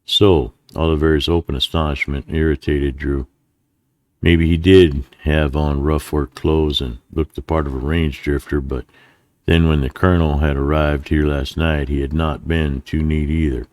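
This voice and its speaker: A man narrating a western audiobook in a steady, deliberate reading. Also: a bass voice, no room sound, clean studio sound.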